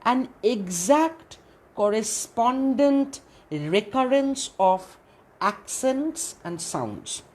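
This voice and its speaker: A woman lectures on literature at an unhurried pace. Her voice has a slightly husky, breathy edge. She asks her own questions, answers them, and repeats key phrases. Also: a little high, big pitch swings. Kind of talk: classroom lecture.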